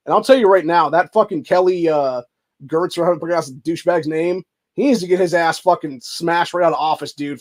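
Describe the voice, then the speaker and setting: On a livestream, a male host rants angrily, swearing nonstop and throwing in "dude" again and again. His voice is a little high with a darkish tone.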